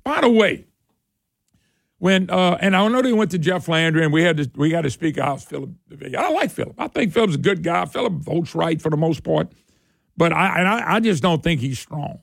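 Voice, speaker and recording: A man's voice: a little high, animated, brisk, vocal fry, dry recording, studio quality. A man hosting a political talk radio show, combative, sarcastic and folksy in his delivery.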